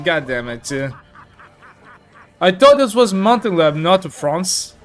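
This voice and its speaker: Taking it slowly, a man with a high, sing-song voice chats through a game stream. He reads out chat messages and leans on fillers such as "like" and "uh" in this casual live commentary.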